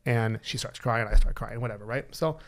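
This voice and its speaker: Telling a candid personal story on a podcast, this male guest speaks a little fast at medium pitch with fairly even intonation. He is blunt and animated, swears freely, and performs the remembered dialogue.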